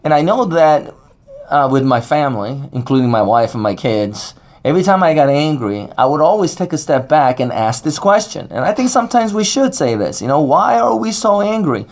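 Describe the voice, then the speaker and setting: Middle-aged man, casual faith-talk speaker, rambling and conversational, medium pitch. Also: big pitch swings, fairly quick, darkish tone. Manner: rambling and conversational, many fillers and restarts.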